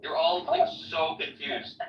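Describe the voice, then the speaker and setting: A man's voice: fairly high pitch, wildly swooping pitch, unhurried, background noise. A man arguing in an online voice-chat debate, rambling with many fillers and restarts. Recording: roomy distant lo-fi audio.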